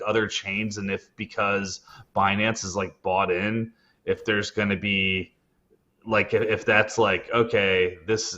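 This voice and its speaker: A man co-hosting a casual roundtable chat, talking haltingly with many ums and uhs. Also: lowish voice, fairly bright tone, dull audio. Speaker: podcast co-host.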